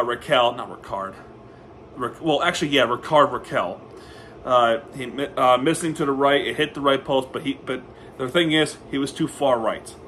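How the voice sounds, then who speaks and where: A man recapping a hockey game as a fan, talking in a casual, excitable way and often stumbling and correcting himself. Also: medium pitch, slight background noise.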